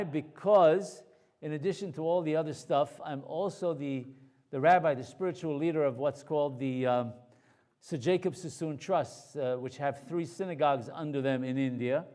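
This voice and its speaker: A man speaking as a rabbi, telling anecdotes to an audience in a lively way, full of asides and repeated words. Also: fairly high pitch. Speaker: rabbi and lecturer. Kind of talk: storytelling talk to an audience.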